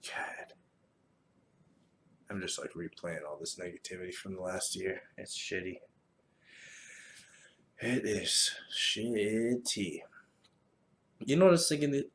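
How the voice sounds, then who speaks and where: A man hosting a solo podcast, talking casually in a profane, rambling, animated way. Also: low-pitched, slight background noise. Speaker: podcast host.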